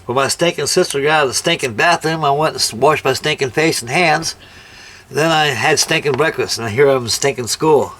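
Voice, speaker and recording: A man's voice: on the high side, brisk, a bit bright, slight background noise, close to an everyday voice. A man voicing a cocky Italian-American teenage boy who bluntly peppers every sentence with a mild curse word. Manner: swears mildly in every sentence.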